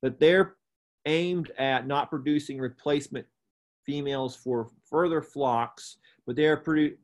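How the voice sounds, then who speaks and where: A man's voice: on the high side, unhurried. A man teaching a livestock judging clinic, explaining traits step by step in a plain, methodical way with frequent fillers and self-corrections. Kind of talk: instructional explanation.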